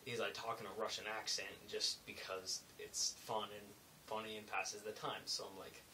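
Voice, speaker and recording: A young man telling a rambling, animated story in a casual vlog, full of asides and self-corrections. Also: lowish voice, normal speed, recorded from a distance, slight background noise, low-quality recording. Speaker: vlogger.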